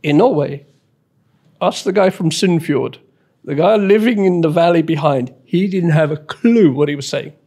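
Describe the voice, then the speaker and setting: A man's voice: on the high side, normal speed, dark tone. A man in casual chat, explaining his thoughts reflectively.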